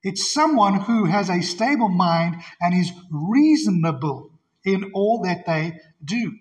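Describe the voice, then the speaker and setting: A man's voice: sits high, animated, slow pace, poor audio. A male pastor preaching an expository sermon in an earnest, emphatic way, often repeating his key phrases.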